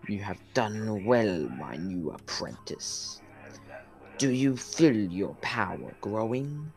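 A man voicing a scheming old Sith lord in a hushed, half-whispered tone, in an audiobook reading. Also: fairly low pitch, lively intonation, slow, gravelly, soft background music, heavily acted. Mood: sinister.

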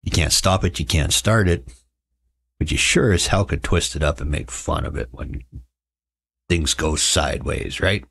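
A man's voice: rumbling low, unhurried, vocal fry, fairly bright tone, slightly rough. A middle-aged man hosting a casual livestream, chatting with viewers in a sarcastic, joking way and telling stories. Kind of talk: casual chat.

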